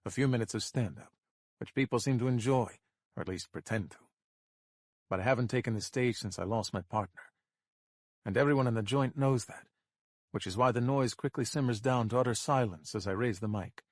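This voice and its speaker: A man giving scripted audiobook narration in a measured, tense storytelling manner. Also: medium pitch, dry recording, clean studio sound.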